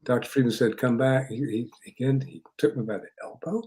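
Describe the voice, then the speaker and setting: An older man, a psychotherapist and interview guest, telling an anecdote in an animated way, often laughing and repeating words as he starts a sentence. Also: medium pitch, fairly quick. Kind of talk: anecdotal storytelling.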